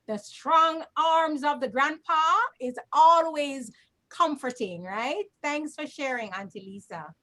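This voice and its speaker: Chatty woman storyteller, higher voice. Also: takes it slowly, fairly bright tone. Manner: chatty, draws listeners in with "right?". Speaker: co-host and storyteller. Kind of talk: warm reminiscing chat.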